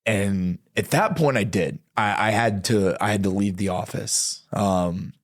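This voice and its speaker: A middle-aged man with a low voice recounts a personal testimony as a podcast guest. He acts out the lines people said to him and trips over repeated words when the story gets emotional. The sound is close and dry. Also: measured pace, no room sound. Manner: animated storyteller, acts out quoted dialogue, stammers when emotional.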